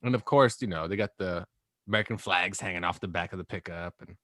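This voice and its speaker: A man's voice: sits low, fast, fairly bright tone, dry recording, studio quality. A man co-hosting a podcast, telling a story in loose, rambling casual chat. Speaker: podcast co-host.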